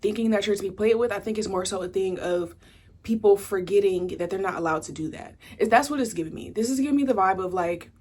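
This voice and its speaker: A woman's voice: medium pitch, quick pace, a little mellow. Chatty young woman reading tarot. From Southern United States. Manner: chatty, rambling, full of "like" and "you know". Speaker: tarot reader. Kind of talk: casual pick-a-card tarot reading.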